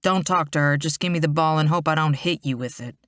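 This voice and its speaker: A woman voicing a dominant, possessive young biker boyfriend who talks in a quick growl. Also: deep voice, a bit bright, no room sound, clean studio sound. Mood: growly.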